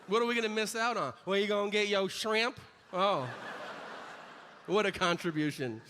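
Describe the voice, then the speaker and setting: A man's voice: high-pitched, moderate pace, sharp tone. A man doing a stand-up comedy set in a brash, profane, mocking way on a theater stage. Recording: live venue reverb with noise.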